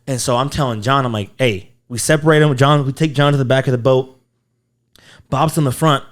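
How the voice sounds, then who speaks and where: A male podcast co-host telling a story in a loose, animated way, swearing freely and putting on his friends' voices. His voice sits in a middle pitch. He talks in a relaxed, conversational way. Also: fairly quick. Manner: animated, acts out quotes, frequent swearing. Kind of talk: casual storytelling.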